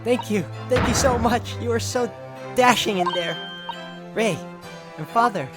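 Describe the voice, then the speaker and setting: A man voicing an eager, boastful young male defense lawyer, reading game dialogue aloud with excited exclamations. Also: very high-pitched, measured pace, voice pushed up. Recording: loud game music behind.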